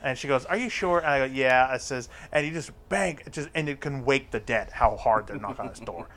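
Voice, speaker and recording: A man spins a crude story in relaxed conversation, cursing freely. He slips into quick voiced quotes of the people in it. His pitch sits in an ordinary middle range. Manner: crude, profane, acts out other people's lines. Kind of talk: casual storytelling chat.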